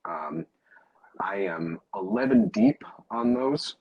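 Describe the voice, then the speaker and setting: A man with a very low, husky voice talks casually about his work as an audiobook narrator. He often stops to restart his sentences and fills the pauses with "um" and "uh". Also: sing-song, dull audio. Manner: halting, many fillers and restarts. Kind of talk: casual interview answers.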